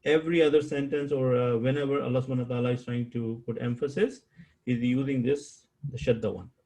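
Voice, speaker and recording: A man teaching an online Arabic grammar class over a video call, slow and patient, repeating key terms and quizzing his students. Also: medium pitch, fairly even intonation, mellow, rough recording. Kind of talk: live online class lecture.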